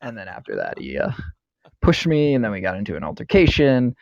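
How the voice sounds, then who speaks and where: A man's voice: mid-range voice, huge pitch swings, a little fast, gravelly, darkish tone, dry recording. A man telling a blunt, profane story in casual chat and laughing easily. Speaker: podcast co-host. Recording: dull lo-fi dry mic.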